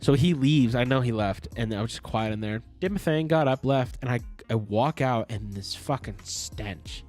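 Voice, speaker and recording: Rambling, animated young man telling a story. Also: mid-range voice, moderate pace, hardly any pauses, faint music behind. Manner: rambling, profane, laughs through his story. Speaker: podcast co-host. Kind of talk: casual storytelling chat.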